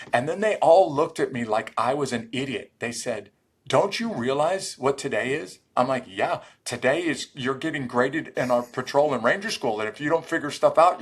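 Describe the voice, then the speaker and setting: A middle-aged former Army Ranger tells stories during a podcast interview in a mid-range voice with a breathy edge. He's an animated storyteller who acts out the quoted dialogue.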